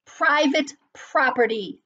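A woman reading aloud voices a grumpy male cactus who yells at everyone to keep away. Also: high voice, expressive, takes it slowly, distant mic, full character voice. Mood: grumpy, yelling. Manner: cranky shouting. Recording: dull lo-fi recording.

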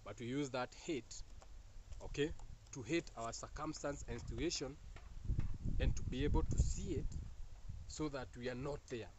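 A man's voice: medium pitch, normal speed, long pauses, background noise. A man with a Kenyan accent giving a casual spiritual monologue, joking and laughing often between teasing and preachy asides. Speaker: spiritual talk host.

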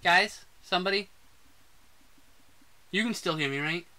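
Man, high voice, very bright, casual podcast chat, swears a lot, excitable. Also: a little slow. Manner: excitable, profane, laughing rants. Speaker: podcast co-host. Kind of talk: casual movie review chat. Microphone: desk mic on a live stream.

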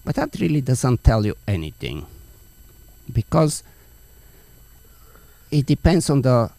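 A man's voice: mid-range voice, sing-song, slow pace, creaky, mellow, no echo. A man hosting a podcast interview, earnest and explaining his points with everyday analogies. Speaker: podcast host, dog trainer. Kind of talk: conversational interview.

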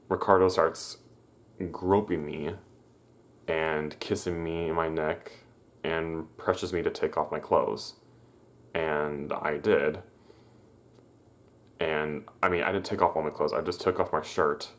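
This man's voice sits very low, and he recounts a personal story straight to his viewers. He talks haltingly, restarting sentences and correcting himself as he remembers. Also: fairly even intonation. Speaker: vlogger.

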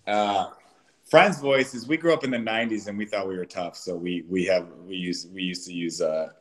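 A man, a yoga instructor, chatting as a guest in a relaxed, easygoing way. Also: deep voice, moderate pace. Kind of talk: casual interview chat.

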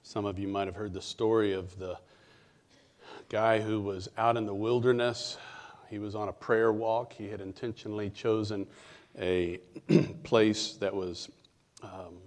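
A middle-aged male pastor preaching a sermon, telling stories in a conversational way with fillers and pauses. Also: fairly low pitch, level tone.

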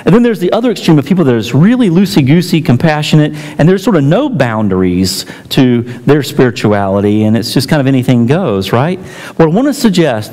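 Expressive male preacher in a reverberant church. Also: mid-range voice. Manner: storytelling with acted quotes and emphatic pauses. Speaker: pastor. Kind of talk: sermon. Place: church sanctuary.

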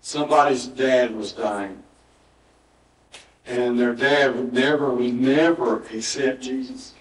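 A male pastor with a mid-range voice preaches a sermon slowly in a church sanctuary, telling a story and acting out the dialogue with emphatic repetition. The audio is roomy, with the mic at a distance.

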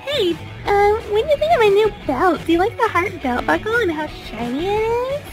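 Woman voicing a very high-pitched bubbly girl doll, excited, squealing, bossy, toy play with faint music behind. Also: normal speed. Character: bubbly self-absorbed young woman doll.

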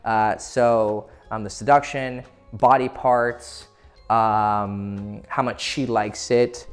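A man's voice: fairly low pitch, fairly even intonation, takes it slowly, clear, resonant tone, faint music behind. A man giving casual, profane dating advice, laughing often as he talks. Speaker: dating coach. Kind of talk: casual instructional talk.

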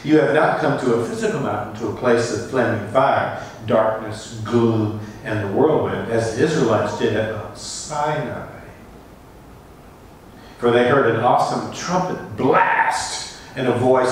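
A man's voice: mid-range voice, unhurried, slight background noise. A male pastor preaching a sermon, reading scripture with dramatic rises in his voice. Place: church sanctuary. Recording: echoey church hall from far off.

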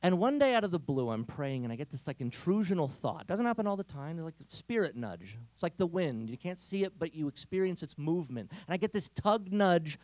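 A man giving an energetic, humorous inspirational talk to teenagers, telling stories. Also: a little high, brisk, few pauses, no echo. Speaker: speaker.

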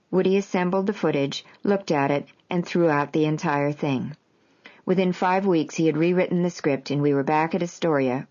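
A woman narrating a memoir in the first person, with a measured, even reading. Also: sits low. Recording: dull lo-fi audio.

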